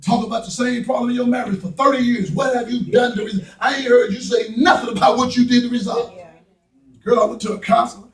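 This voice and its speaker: A man's voice: very high voice, steady tone, quick pace. A man preaching a sermon in a folksy, joking manner, recorded in a church. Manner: folksy preaching, playful asides. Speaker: pastor. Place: church sanctuary. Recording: echoey church, mic at a distance, congregation heard. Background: congregation responding.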